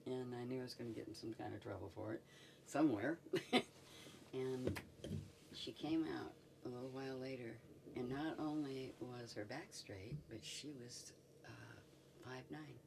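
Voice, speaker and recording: A woman's voice: rumbling low, normal speed, vocal fry, distant mic, noisy background. An older woman, a medicine woman, telling a personal story in an interview, chuckling often as she goes.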